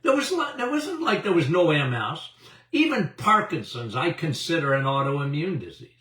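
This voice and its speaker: Here a seventies-aged male doctor leads an animated health talk before an audience. His fairly high voice is very animated and a bit bright, moving at a moderate pace, and he stresses points with repetition and chuckles. The audio is roomy, the mic distant.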